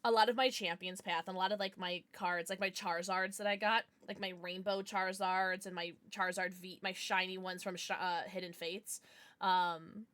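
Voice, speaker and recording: A woman streamer chatting casually on a livestream, bubbly and excitable, swearing now and then. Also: fairly low pitch, normal speed, no echo.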